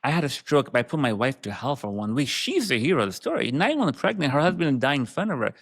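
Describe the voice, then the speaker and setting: A man's voice: mid-range voice, big pitch swings, fast talker, a bit bright. A man, a business founder and guest, telling his personal story in an interview with emotion, often restarting his sentences.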